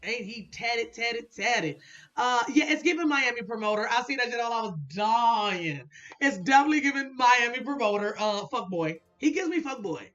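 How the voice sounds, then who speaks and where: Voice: mid-range voice, lively intonation, normal speed, a bit bright. Chatty blunt recap vlogger, lo-fi sound. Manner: chatty, blunt, laughs often, swears casually. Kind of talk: casual commentary.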